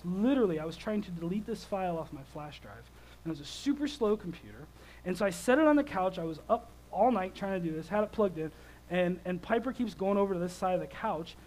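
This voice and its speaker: Man, thirties, high-pitched, preacher, chatty storytelling sermon, swings from soft to loud. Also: rough recording. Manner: conversational, animated storytelling with lively swings in loudness.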